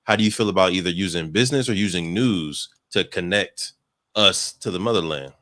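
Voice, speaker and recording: Very deep-voiced interview host. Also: male voice, a little fast, fairly bright tone, no room sound, studio quality. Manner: brief affirming murmurs, long winding questions. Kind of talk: interview questions.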